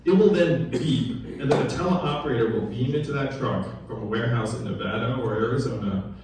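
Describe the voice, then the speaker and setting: A man's voice: mid-range voice, brisk, background noise. Male political candidate, conversational stump speech, quizzes the audience, distant mic in a very reverberant hall. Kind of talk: town hall campaign speech. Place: large echoey room at a political gathering. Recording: very echoey room recorded from afar.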